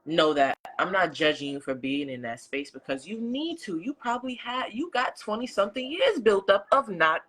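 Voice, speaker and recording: A woman hosts a casual podcast chat in a bright, forceful voice. She talks earnestly and stacks repeated phrases to drive her points home. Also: mid-range voice, very animated, moderate pace, few pauses, low-quality recording. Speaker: podcast host. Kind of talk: casual conversation. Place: indoor room with a fan.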